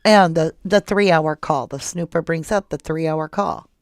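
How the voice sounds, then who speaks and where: Low-voiced blunt woman livestream host. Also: fairly even intonation, normal speed, no echo, studio quality. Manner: opinionated, blunt, reads out chat messages. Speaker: true crime livestream host. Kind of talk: casual livestream chat reading viewer comments. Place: home.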